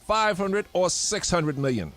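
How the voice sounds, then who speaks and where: A man's voice: high voice, big pitch swings, unhurried, a bit bright, soft background music. A man reading trivia questions and multiple-choice answers on a radio show in an upbeat way. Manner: upbeat, announces answers plainly.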